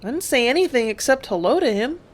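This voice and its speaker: A woman's voice: fairly high pitch, very animated, fast, voice pushed up. A woman voicing a naive, bold teenage girl raised at sea, eager and questioning in an audiobook. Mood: puzzled.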